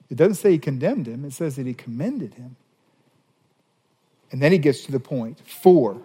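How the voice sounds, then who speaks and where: A man preaching a sermon as a pastor, animated, reading scripture passages aloud. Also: mid-range voice, moderate pace, pauses often, husky, big-room sound.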